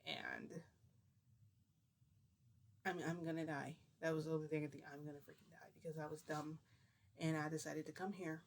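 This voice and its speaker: Rambling excitable storyteller, voice sex unclear. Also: mid-range voice, moderate pace, gravelly, long pauses, slight background noise. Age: adult, parent. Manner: rambling, excitable, many fillers and restarts. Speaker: vlogger. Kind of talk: casual storytime.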